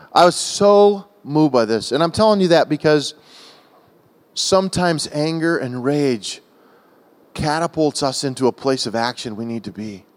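An American man preaching a sermon to a church, telling a personal story in an emotional, animated way with frequent restarts. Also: fairly high pitch, measured pace, long pauses. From United States. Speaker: guest preacher. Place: large church hall. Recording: long church-hall reverb.

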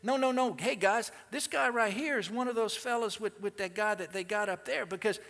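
A man's voice: sits high, fairly quick, gravelly, a bit bright, pitched above the performer's own voice. A man voicing an insistent young servant girl who keeps pointing someone out, in a reverberant church.

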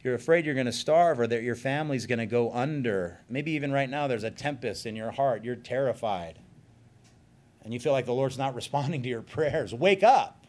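A man of middle pitch preaching a sermon, talking to the congregation as if in conversation. He drops into quiet, soft remarks and then rises to loud, emphatic bursts. He mixes in light joking asides. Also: a little fast. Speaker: pastor.

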